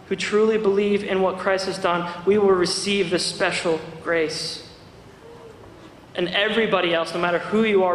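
High-voiced young man preaching in echoey church. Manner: earnest, storytelling, gentle. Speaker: youth director preaching. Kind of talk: sermon. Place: church sanctuary. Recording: echoey church hall, faint noise.

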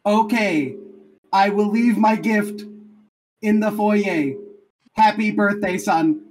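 Brief: improviser as robotic text-to-speech stepdad, flat clipped delivery, unhurried. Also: female voice, mid-range voice, natural voice, low-quality recording. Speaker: improv player.

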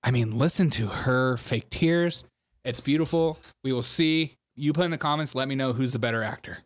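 A man's voice: medium pitch, normal speed, slight background noise. A man hosting a comedic news commentary show, talking in a sarcastic, teasing way.

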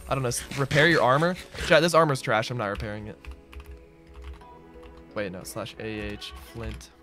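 Male streamer, mid-pitched voice, relaxed, chatty, background music playing. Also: moderate pace. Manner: relaxed, answers chat aloud, says "bro" a lot. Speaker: streamer and server owner. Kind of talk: casual livestream chatter while gaming.

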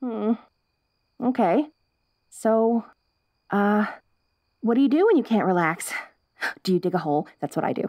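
A woman's voice: mid-range voice, animated, unhurried, long pauses, a little mellow, no echo, close to an everyday voice. Young woman doing a bubbly wolf girl, asmr role-play, curious and restless, giggles a lot, voice swoops up and down.

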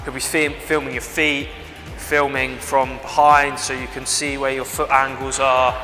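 Bright-voiced young rugby player. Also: male voice, medium pitch, flat delivery. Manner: halting, full of "like" and "basically". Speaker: rugby winger. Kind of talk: casual demonstration chat. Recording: reverberant space with faint music.

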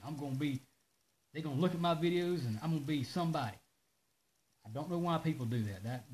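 A man hosting a casual live stream, ranting in an animated way and reading out viewer comments. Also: mid-range voice, poor audio. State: out of breath. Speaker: host of a live parts-shop video.

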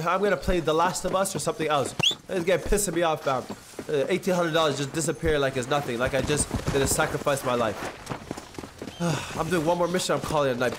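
A young man streaming a game live, loud and animated, swinging between shouting and low muttering as he talks to chat. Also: background noise. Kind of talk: live gameplay commentary.

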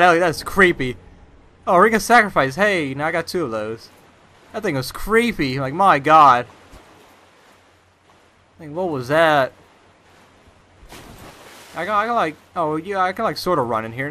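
A man's voice: a little high, expressive, normal speed, long pauses, sharp tone. A young man casually commenting on a video game as he plays, rambling with constant "like" and startled outbursts. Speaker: gameplay commentator. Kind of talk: casual let's-play commentary.

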